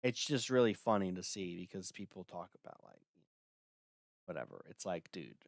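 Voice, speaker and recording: A man's voice: low-pitched, very animated, moderate pace, gravelly, dry recording, studio quality. A man hosting a livestream, talking casually in a blunt, dismissive way with lots of filler words. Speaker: livestream host.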